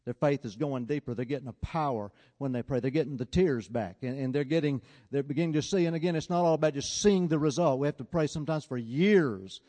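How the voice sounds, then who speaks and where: A man preaching a sermon, telling a story and swinging between loud, urgent appeals and quiet, hushed passages. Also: medium pitch, long reverb tail.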